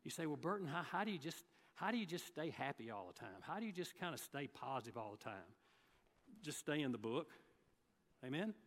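A man's voice: on the high side, sing-song, brisk, fairly bright tone, long reverb tail. A man preaching a sermon, telling folksy stories and acting out the people he quotes. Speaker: guest preacher. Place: church sanctuary.

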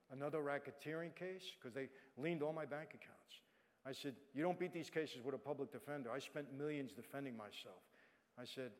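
A middle-aged man giving a personal testimony to an audience, swinging from hushed to loud, emphatic passages. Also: medium pitch. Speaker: guest speaker. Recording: long hall reverb.

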